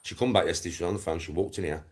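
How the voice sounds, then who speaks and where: A man's voice: deep voice, fairly even intonation, rapid-fire. A middle-aged man with a Black Country accent ranting on a livestream, sweary, scornful and repetitive. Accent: Black Country English. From England. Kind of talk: angry livestream rant.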